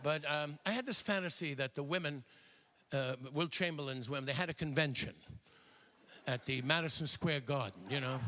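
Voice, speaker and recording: An older man doing stand-up comedy, chatty and digressive, slipping quickly into impressions. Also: a little high, pushed and bright, slight background noise.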